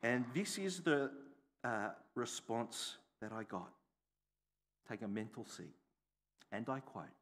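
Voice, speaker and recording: Lively preacher in an echoey church. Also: male voice, mid-range voice, slow, long pauses. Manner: storytelling with repeated rhetorical questions. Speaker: bishop preaching. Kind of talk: sermon. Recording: echoey hall.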